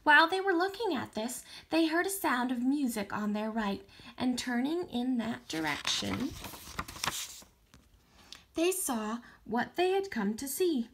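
A woman teacher reading a novel aloud for distance learning, expressive, with small slips and restarts. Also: high-pitched, a little slow, vocal fry, slight background noise.

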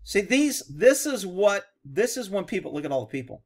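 A man's voice: on the high side, lively intonation, quick pace, gravelly. A man, a horse trainer, giving blunt, sarcastic reaction commentary over a video.

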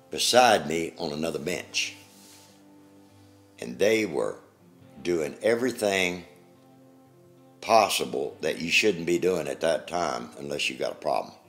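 An older man speaks in a very deep, rough, gravelly voice. He tells his own story plainly in an interview, halting and restarting as the details come back. Faint music plays underneath. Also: a bit bright. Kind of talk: recounting personal memories.

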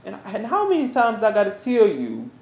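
A woman's voice: medium pitch, huge pitch swings, normal speed, darkish tone, voice pushed down. A woman voicing an accused boyfriend, protesting and stammering in an improvised role-play. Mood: defensive. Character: accused boyfriend, adult man, defensive. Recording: roomy echo.

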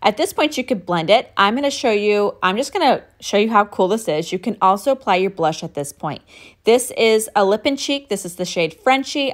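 A makeup tutorial host walks through her routine step by step, upbeat and instructive as she works. Her voice sits at an ordinary middle pitch.

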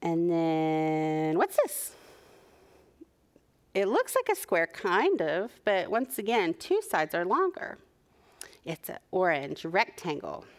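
A young adult woman leading a preschool story time, talking to small children in an animated, encouraging sing-song. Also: fairly low pitch, takes it slowly. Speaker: children's librarian.

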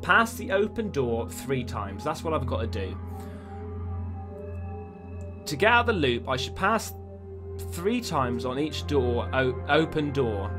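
This man's medium-pitched voice is sing-song and a little slow as he comments on a horror game let's play for his YouTube channel. He talks to himself, jumping and swearing along the way, over spooky game music.

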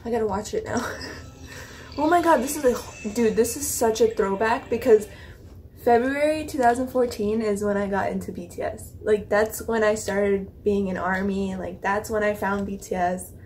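A young woman hosting a reaction video, gushing and rambling in excited casual chat, swearing and laughing as she talks. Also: mid-range voice, normal speed, a little hiss or hum.

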